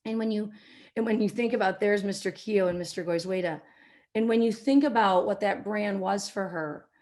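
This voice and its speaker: A middle-aged woman, a marketing executive, giving a business talk and telling an anecdote, now and then acting out quotes in a softer voice. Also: lowish voice. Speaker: keynote speaker, marketing executive.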